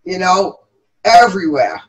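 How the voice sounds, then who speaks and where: Speaking in a fairly low, animated voice, a middle-aged woman from New York City with a local accent gives earnest, faltering interview answers full of pauses and fillers. Her subject is the veterans' chamber she helped found, and the audio sounds dull.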